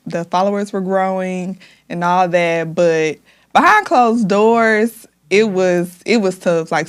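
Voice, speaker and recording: A woman's voice: lowish voice, clear, resonant tone. A young woman, a hairstylist guest on a podcast, telling her own life story in a candid, heartfelt way with many "like" fillers. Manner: emotional, heartfelt, frequent "like" fillers.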